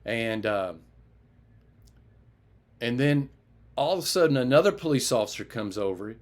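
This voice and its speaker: A man shares a personal testimony from the pulpit, telling it as a story. His voice jumps up when he acts out the other people in it. It falls soft and low when he recalls his prayers. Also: a little slow. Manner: animated retelling, raises his voice for others and drops low and quiet for prayer.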